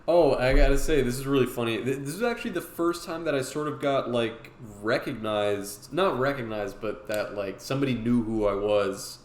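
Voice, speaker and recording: A man's voice: medium pitch, moderate pace, few pauses. Rambling man streaming a drawing lesson. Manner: casual, rambling, lots of fillers. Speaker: streamer and artist teaching drawing. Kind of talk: live-stream drawing tutorial chat. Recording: roomy with faint noise.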